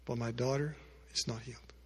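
A man's voice: medium pitch, steady tone, fairly quick, slightly rough. Male pastor preaching to the congregation, middle register, dynamic delivery, reverberant church hall. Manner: swings between loud emphatic lines and quiet hushed ones; speaks directly to the congregation with asides. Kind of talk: sermon storytelling.

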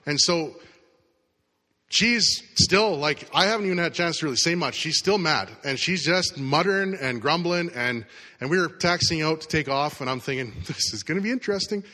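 A man's voice: fairly high pitch, animated, normal speed, pushed and bright. A middle-aged man preaching a sermon, telling a personal story in a casual, conversational way. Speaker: pastor. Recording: long hall reverb.

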